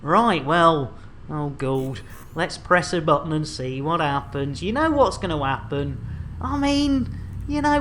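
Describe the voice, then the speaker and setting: Lady streaming a game, jokey banter w chat, mid pitch. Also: a little hiss or hum. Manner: chatty, jokey, fast banter with viewers. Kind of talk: live gameplay commentary.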